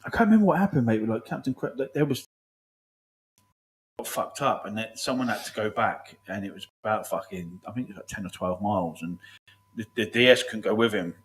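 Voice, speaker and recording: Man, casual army anecdotes, rapid talk, roomy echo. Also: lowish voice, animated. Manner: swearing, laughing army anecdotes. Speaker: podcast host. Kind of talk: casual storytelling chat.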